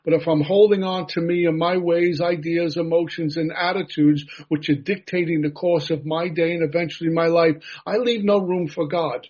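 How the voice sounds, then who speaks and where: A man's voice: fairly high pitch, steady tone, moderate pace, few pauses, a little mellow. A man from the United States giving an earnest personal recovery share, telling a story with self-deprecating humor. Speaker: recovery meeting speaker. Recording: dull lo-fi recording.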